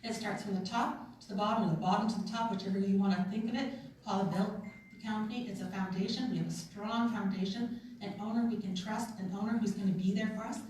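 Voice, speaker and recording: Fast and fairly even in intonation, this woman's mid-range, slightly mellow voice carries a chatty motivational talk at a retreat, where she's a sales consultant from Canada. She laughs a lot and acts out little quotes; recorded in a conference room by a far-off mic, the sound is echoey with slight background noise.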